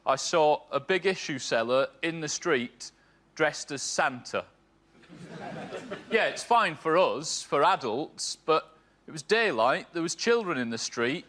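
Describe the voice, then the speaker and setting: A man's voice: on the high side, lively intonation, unhurried, a bit bright. Dry-voiced male comedian in his thirties. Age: 30s. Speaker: comedian panelist. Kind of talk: stand-up routine on a TV panel show.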